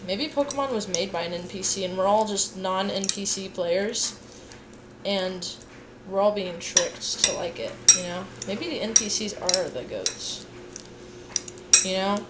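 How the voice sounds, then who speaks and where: A woman's voice: medium pitch, heavy background noise. Tired young woman livestreaming while cooking. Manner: rambling, playful, sing-song asides. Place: home kitchen. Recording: clear kitchen clatter behind.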